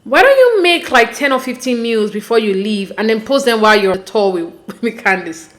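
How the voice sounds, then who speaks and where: A woman from Nigeria hosting a reality TV recap, talking in a casual, animated, opinionated way with frequent exasperation. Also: medium pitch, brisk. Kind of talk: casual commentary.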